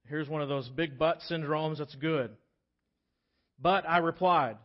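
Man preaching a lively sermon. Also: on the high side, measured pace, pauses often, lo-fi sound. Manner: animated preaching, acting out dialogue in scripture. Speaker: pastor. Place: church sanctuary.

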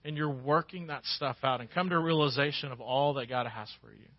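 A man's voice: medium pitch, brisk, dry recording, dull audio. A man preaching a sermon as pastor, folksy and conversational, rising to emphatic peaks.

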